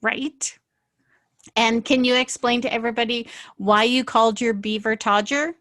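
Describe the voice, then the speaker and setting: A woman's voice: on the high side, fairly even intonation, normal speed, fairly bright tone, no room sound. A woman from the Maritimes co-hosting a podcast in casual chat, playful and teasing, laughing often. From Canadian Maritimes. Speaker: podcast co-host.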